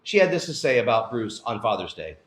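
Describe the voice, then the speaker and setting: A man's voice: medium pitch, big pitch swings, brisk, echoey room. A man hosting a news show, going through stories in a casual, conversational way. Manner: conversational, with fillers. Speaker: news commentary host.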